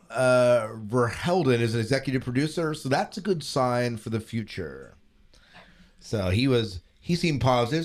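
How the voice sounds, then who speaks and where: A man co-hosting a casual podcast, reading out listener comments and laughing often. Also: medium pitch. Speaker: podcast co-host.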